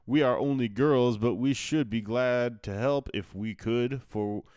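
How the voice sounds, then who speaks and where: A man's voice: mid-range voice, a little slow, darkish tone, clear, resonant tone, dry recording, clean studio sound, pitched above the performer's own voice, close to an everyday voice. A man reading the part of a spirited, outspoken teenage girl, lifting his voice for her eager, polite replies.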